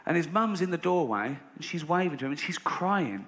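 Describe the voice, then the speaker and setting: An English man doing stand-up, telling a story in a sardonic way and jumping up in pitch when he voices other people. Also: very animated, fairly quick, fairly bright tone. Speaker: stand-up comedian. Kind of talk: stand-up routine. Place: large live venue. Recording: roomy live venue with audience noise.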